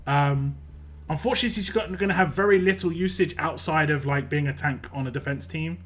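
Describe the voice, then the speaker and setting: A man's voice: a little high, fairly quick. A man casually streaming a mobile game, reading viewer comments aloud in a playful sing-song and chatting about characters.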